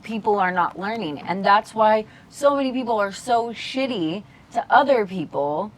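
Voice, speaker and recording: Casual woman podcast co-host, mid-pitch, loose and profane, loves doing other people's voices. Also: moderate pace. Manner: animated storyteller, swears freely, mimics people. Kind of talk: casual chat.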